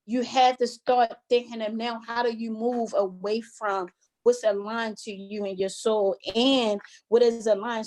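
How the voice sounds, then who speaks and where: A woman's voice: mid-range voice, a little mellow. A middle-aged woman hosting a casual motivational talk, speaking earnestly and conversationally and calling her listeners y'all.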